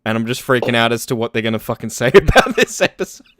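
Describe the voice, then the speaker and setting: A man's voice: mid-range voice, lively intonation, fast, a bit bright, dry recording. A man in his thirties hosting a podcast, reacting with exasperation in casual comedic banter. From Australia. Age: 30s. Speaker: podcast host.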